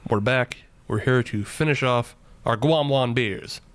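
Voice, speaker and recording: A man's voice: medium pitch, unhurried, no room sound. Laughing man co-hosting a beer podcast. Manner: laughs often, self-mocking. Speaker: podcast co-host. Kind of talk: casual chat.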